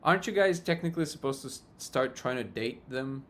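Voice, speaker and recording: A man's voice: mid-range voice, animated, a little fast, fairly bright tone, a little hiss or hum. Chuckling man hosting a live chat. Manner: jokey, chuckles often between remarks. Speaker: livestream host. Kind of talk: casual live chat reading comments.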